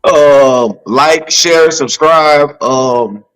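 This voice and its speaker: A man, co-hosting a casual chat and making his point in an animated, persuasive way. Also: on the high side, extremely slow, smooth, low-quality recording. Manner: animated, persuasive, repeats "you see what I'm saying". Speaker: podcast co-host.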